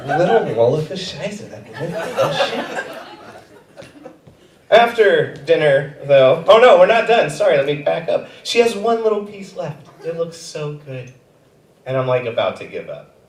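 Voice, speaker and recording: Self-mocking male comic, lively pitch. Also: unhurried, slight background noise. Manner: self-mocking, drops to quiet asides. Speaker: stand-up comedian. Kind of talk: stand-up comedy set. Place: comedy theater stage. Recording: echoey theater, far from mic.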